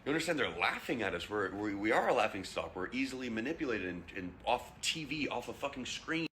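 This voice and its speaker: A man's voice: medium pitch, very animated, brisk, pushed and bright, slight background noise. Impassioned young man ranting bluntly. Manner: impassioned, blunt, swearing, rhetorical questions. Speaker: vlogger. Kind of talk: heated rant to camera.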